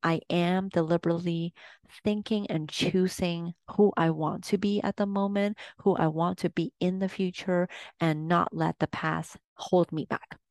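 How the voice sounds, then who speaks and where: A woman's voice: on the low side, fairly even intonation, a little slow, a little mellow, dry recording. A woman hosting a podcast, sharing personal reflections in an earnest, candid way with frequent fillers and restarts. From Asian. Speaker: podcast host.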